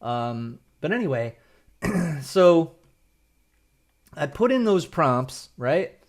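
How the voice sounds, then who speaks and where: A man's voice: a little high, big pitch swings, drawn-out words. A man, a video creator, casually walks through how he wrote his prompts, rambling and checking in often. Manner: loose and rambling, tags lines with "right?". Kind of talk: casual tutorial talk.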